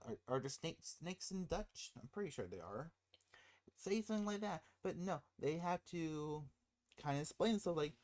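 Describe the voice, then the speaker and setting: Rambling, excitable movie ranter. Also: mid-range voice. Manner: rambling, self-interrupting with laughing asides; gets loud and excited when frustrated. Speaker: movie commentator. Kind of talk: casual spoiler rant.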